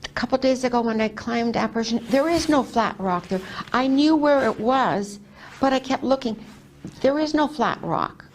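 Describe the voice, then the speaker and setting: An older woman telling a personal faith testimony, retelling it animatedly with lively quoted speech. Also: fairly high pitch, moderate pace, slight background noise. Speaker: testimony speaker.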